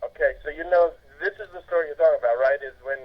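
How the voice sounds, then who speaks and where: A man in his forties calling in to a podcast, chatting in a relaxed, easygoing way. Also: on the high side, rapid-fire, a little hiss or hum. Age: 40s. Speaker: phone-in guest. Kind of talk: casual chat. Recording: dull lo-fi phone line.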